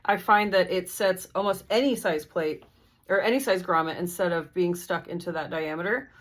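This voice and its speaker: A woman's voice: lowish voice, normal speed. A woman walking through a sewing tutorial step by step, in a friendly, methodical, casual way. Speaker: sewing instructor.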